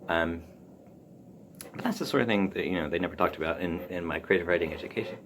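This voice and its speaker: A man with a very deep, gravelly voice thinks out loud on his own podcast, halting often and circling back with ums. There is a faint hiss behind him. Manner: musing, halting, with frequent ums and restarts. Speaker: podcast host. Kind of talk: casual solo talk on writing.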